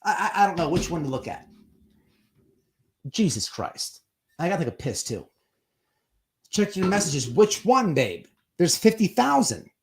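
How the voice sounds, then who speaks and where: A man talking in a fairly high voice, hosting a live stream with casual commentary. He rambles and swears freely. He often slips into quick put-on voices to act out what others said. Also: sing-song.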